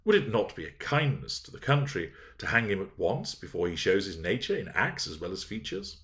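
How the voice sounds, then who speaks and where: A man's voice: on the low side, sing-song, brisk, a bit bright. Guy playing a huffy old squire, full of himself, swinging up when outraged. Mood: blustering. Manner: blustering, self-important. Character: pompous old country squire, magistrate.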